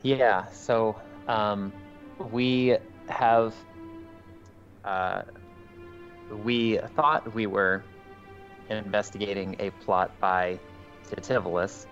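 A man voicing an earnest, loyal devilish ex-soldier in a tabletop game, speaking haltingly. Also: fairly low pitch, fairly even intonation, a bit bright. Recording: dull muffled sound with faint music.

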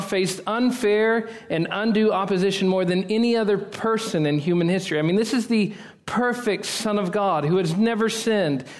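A man preaching a sermon in church as pastor, opening in prayer and speaking earnestly, building to emphatic peaks and dropping low and slow at phrase ends.

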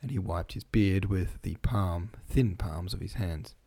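A man giving a relaxed, informal reading of a classic novel, stumbling on long words and rereading them. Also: sits low, measured pace, vocal fry, slightly rough. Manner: chatty asides between passages. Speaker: reader.

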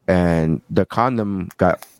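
A man's voice: deep voice, takes it slowly, a little mellow, smooth, no echo. A man hosting a podcast, telling crude, joking stories in casual chat. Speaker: podcast host.

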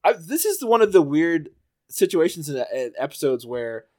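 A man hosting a podcast in casual chat, halting with fillers and laughing often. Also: fairly high pitch, sing-song, darkish tone. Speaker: podcast host.

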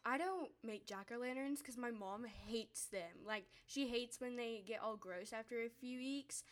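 A woman's voice: on the high side, measured pace. A teenage girl with a Southern US accent, leading a casual group chat and giggling often. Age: teen. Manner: giggly, chatty, Southern turns of phrase.

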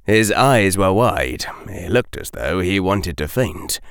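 A man with a very deep voice narrates an audiobook, lively and dramatic in his delivery. The recording is dry and close, with no room sound. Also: slow pace, clear, resonant tone, dry recording.

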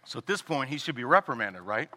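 A man preaching a sermon as pastor, animated and joking, acting out the people he quotes. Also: mid-range voice, quick pace. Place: church sanctuary. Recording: long hall reverb.

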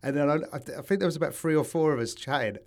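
A man's voice: on the high side, racing. A man, a podcast co-host teasing his friend in casual chat and swearing freely.

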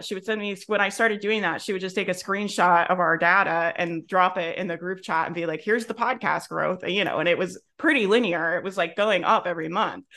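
A woman's voice: fairly low pitch, a bit bright. A woman hosting a business podcast, coaching through examples in an emphatic, casual way. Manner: emphatic, talks through examples, acts out quotes. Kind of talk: casual interview chat.

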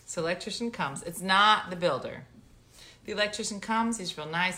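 A woman's voice: fairly low pitch, normal speed, sharp tone. A middle-aged woman casually chatting and telling stories on a home livestream, mock-outraged and laughing often. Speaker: livestream host. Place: home, indoors.

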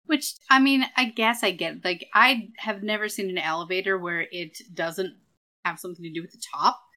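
A woman's voice: mid-range voice, moderate pace, pushed and bright. A woman co-hosting a podcast in casual chat, laid-back and wry, swearing now and then. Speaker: podcast co-host.

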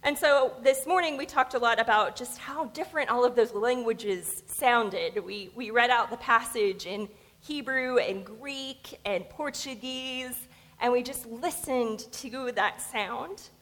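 A woman's voice: on the high side, measured pace, fairly bright tone. A woman pastor with a Southern American accent, giving a conversational sermon with informal storytelling and asides. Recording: long reverb of a church hall.

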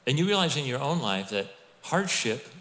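A middle-aged man preaching a sermon as pastor, telling stories in a conversational, animated way with asides to the congregation. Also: medium pitch, moderate pace. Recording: long hall reverb.

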